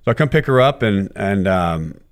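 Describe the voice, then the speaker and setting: Low-ish voiced guy in his 40s telling stories on a podcast, blunt, swears a lot. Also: moderate pace, smooth. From United States. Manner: animated storyteller, curses freely, acts out quotes. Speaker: guest, former baseball player. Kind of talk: candid interview storytelling.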